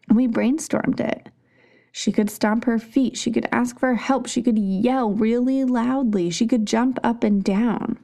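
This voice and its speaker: A young adult woman hosting a parenting podcast, telling a candid classroom story in a gentle, soothing way. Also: mid-range voice, moderate pace, vocal fry. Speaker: podcast host. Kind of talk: parenting advice talk.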